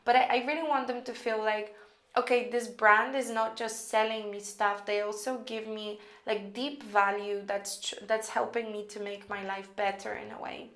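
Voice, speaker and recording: A woman teaching copywriting in a casual, chatty way, thinking out loud with lots of fillers as she walks through an email draft. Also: medium pitch, level tone, normal speed, roomy sound. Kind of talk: casual screen-recorded lesson.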